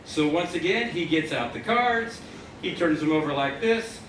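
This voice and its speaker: A stage magician spins a wry, pun-filled story for a live audience. His voice sits high for a man and carries a playful, knowing edge. It is heard from a distance across an echoing theater, with a crowded house murmuring behind him. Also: expressive, normal speed, a bit bright, a little hiss or hum. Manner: punning, wry storyteller who plays to the audience. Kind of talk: comic storytelling patter during a magic act.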